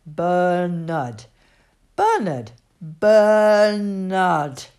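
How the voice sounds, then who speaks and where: A woman voicing a cheeky, boisterous little boy in a storybook, loud and bossy. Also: high voice, very animated, slow pace, pitched above the performer's own voice, exaggerated voice.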